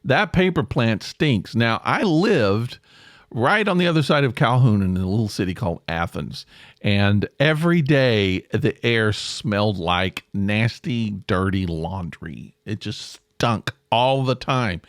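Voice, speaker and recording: A middle-aged man hosting a casual solo podcast, rambling and self-deprecating, jumping up in pitch for emphasis. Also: animated, measured pace, dry recording, clean studio sound. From American South. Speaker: podcast host.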